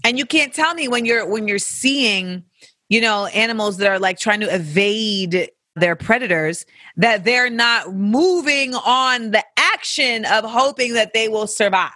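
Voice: mid-range voice, measured pace, sharp tone, dry recording, clean studio sound. A podcast host, talking casually and candidly, with profanity and playful tangents while answering listener questions. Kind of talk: casual reflective chat.

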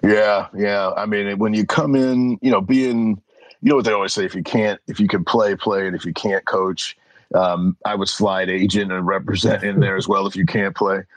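A man's voice: lowish voice, normal speed, no echo, poor audio. A middle-aged man, an interview guest, telling casual stories and acting out the voices of the people in them. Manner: animated, acts out voices in anecdotes. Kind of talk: casual storytelling.

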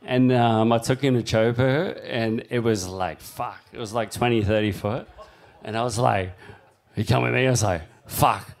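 A man with an Australian accent telling surf stories on a live stage, rambling and full of fillers, his voice jumping high when he acts out shouts. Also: moderate pace, gravelly. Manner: excitable storyteller, voice climbs high acting out shouts. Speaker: surfboard shaper and guest.

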